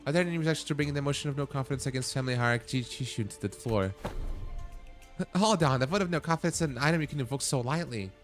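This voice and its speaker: A man with a medium-pitched, rapid-fire voice streams a game, reading its dialogue aloud and breaking off into blunt, swearing reactions while faint game music plays behind him.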